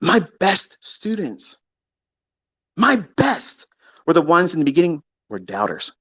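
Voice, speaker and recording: A man's voice: wildly swooping pitch, measured pace, breathy edge, no room sound. Brash, profane man ranting. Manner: brash, mocking, swings from low mutters to loud outbursts. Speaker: trading educator. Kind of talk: profane rant.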